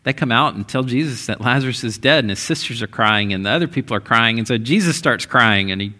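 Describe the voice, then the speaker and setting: A man's voice: medium pitch, fast talker, hardly any pauses, bright, forceful tone. A male pastor giving a conversational sermon, with frequent restarts and rising, emphatic stretches.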